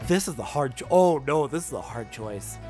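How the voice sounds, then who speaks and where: Animated man commentating a game. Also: mid-range voice, normal speed. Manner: animated, swearing freely. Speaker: game let's play host. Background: game music.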